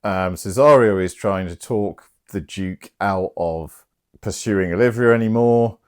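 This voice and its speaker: A man's voice: fairly low pitch, measured pace, smooth. A young man casually and irreverently retelling a play's plot with plenty of swearing, while drinking. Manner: irreverent, swears freely, animated. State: drinking, slightly tipsy. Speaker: host.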